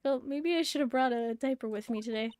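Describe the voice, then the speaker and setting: A woman's voice: sits high, a little fast, darkish tone, clean tone, no room sound, clean studio sound, lightly acted. A woman voicing a nervous young male defense lawyer, earnest and slightly unsure.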